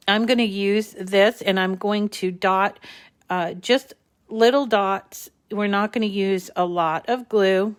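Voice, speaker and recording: This crafting channel host has a clean, mid-range voice. Running a live paper-crafting tutorial, she chats casually through each step, often saying um and restarting small bits.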